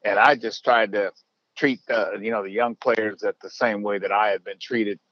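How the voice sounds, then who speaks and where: An older man with a lowish voice tells stories in a loose, rambling way, leaning on fillers and restarting his sentences. The recording is dull and lo-fi, with a dry, close sound. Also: fairly even intonation, normal speed, fairly bright tone, no room sound. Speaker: baseball manager, interview guest. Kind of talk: casual storytelling.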